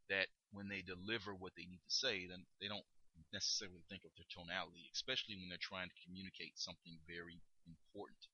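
A man's voice: sits low, level tone, fast talker, sharp tone, breathy edge, poor audio. A man hosting a podcast, coaching listeners in an emphatic, instructive way. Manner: coaching, emphatic, demonstrates tones. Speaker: podcast host.

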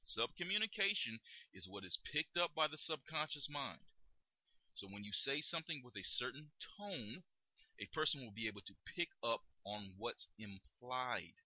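A man hosting a podcast lesson on communication, speaking deliberately and stressing key words as he explains. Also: medium pitch, very animated, sharp tone, no room sound, highs cut off. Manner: deliberate, emphatic, stretches key words for demonstration. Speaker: podcast host teaching communication skills. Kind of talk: instructional podcast talk.

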